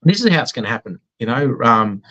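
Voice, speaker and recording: A man's voice: mid-range voice, big pitch swings, fast, sharp tone, dull audio. An Australian man chatting in an interview, telling anecdotes in a self-deprecating way. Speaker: business guest. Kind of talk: casual conversational interview.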